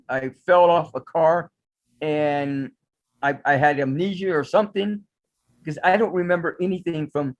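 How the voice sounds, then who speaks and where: A man with a somewhat high-pitched voice speaks as a guest in a casual interview. He tells his story in a loose, rambling way that wanders as he goes. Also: a little mellow, lo-fi sound. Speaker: guest, psychic astrologer.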